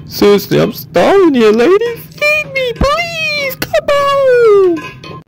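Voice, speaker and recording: A woman's voice: very high-pitched, big pitch swings, slow pace, over loud music, exaggerated voice. A woman voicing a dramatic, starving house cat who begs and meows between whiny pleas. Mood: pleading. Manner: whiny begging, mixed with sung meows.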